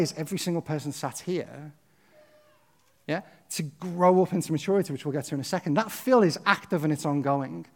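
A man preaching a sermon, earnest and conversational, often checking in with his listeners. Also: fairly high pitch. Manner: emphatic, impassioned.

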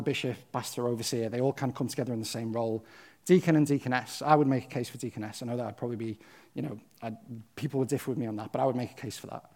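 A man's voice: a little high, darkish tone. A man preaching a sermon, earnest and conversational, often checking in with his listeners. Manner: emphatic, impassioned.

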